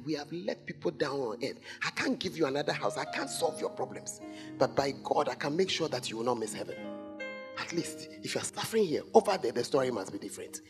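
A man preaching a sermon as pastor, scolding the congregation with rhetorical questions. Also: a little high. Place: church.

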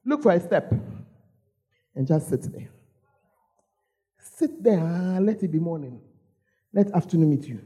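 A woman's voice: lowish voice, animated, unhurried, long pauses, dark tone, husky. A woman with a Ghanaian English accent preaching a storytelling sermon, calling out to the congregation and repeating her phrases.

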